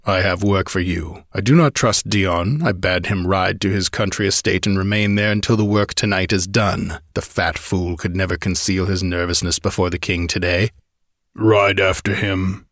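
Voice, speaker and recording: Read by a man, a scheming outlaw lord speaks in a deep, low voice with imperious, sneering threats. The sound is close and dry, with no room around it. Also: fairly even intonation, moderate pace, a bit bright, no echo. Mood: commanding. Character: scheming ambitious male outlaw noble, cold and commanding. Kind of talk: audiobook character reading.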